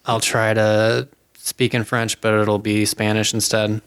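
Low gravelly man, laid-back co-host. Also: little pitch movement, unhurried, fairly bright tone. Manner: laid-back, dry, brief replies. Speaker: podcast co-host. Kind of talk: casual chat.

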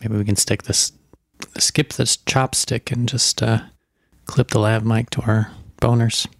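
A man's voice: on the low side, level tone, a little slow, gravelly, dry recording, studio quality. A young man co-hosting a podcast, laid-back and hesitant, often trailing off. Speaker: podcast co-host. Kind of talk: casual chat.

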